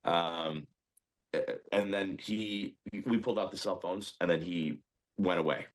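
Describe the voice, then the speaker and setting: A man telling what happened in an interview, hesitant, with many pauses and ums. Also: sits low. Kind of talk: recounting an incident in an interview.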